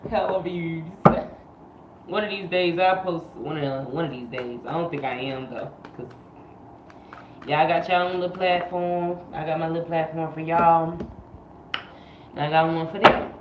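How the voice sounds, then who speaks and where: A chatty woman with a fairly low voice runs a casual tarot livestream, full of slang and repeated phrases. Her voice bounces around an echoey room. The sound is a little muffled and lo-fi. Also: steady tone, measured pace, pauses often, very noisy. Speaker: tarot reader.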